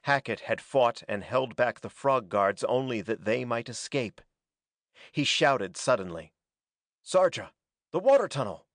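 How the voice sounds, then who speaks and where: A man reading a pulp adventure story aloud as a dramatic, steady narrator. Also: mid-range voice, a little slow, no echo, clean studio sound. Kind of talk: scripted audiobook narration.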